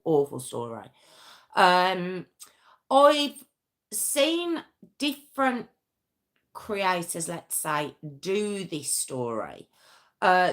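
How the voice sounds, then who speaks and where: A woman's voice: fairly low pitch, a bit bright. Chatty woman hosting a live stream. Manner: chatty, self-mocking, answers comments as she talks. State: sore arm. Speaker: true crime livestream host. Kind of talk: casual live chat with viewers.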